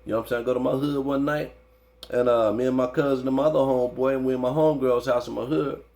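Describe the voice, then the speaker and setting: Man, interview guest; gravelly, fast, profane street storyteller who turns animated at the tense parts. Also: mid-range voice. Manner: slangy, profane, constantly says "you know what I'm saying"; animated when recounting the fight. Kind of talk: casual storytelling.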